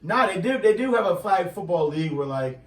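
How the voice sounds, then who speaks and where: A young man co-hosting a casual podcast, throwing out profane jokes and quick banter. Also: sits high, sing-song. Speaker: podcast co-host. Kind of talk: casual chat. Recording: roomy, distant mic.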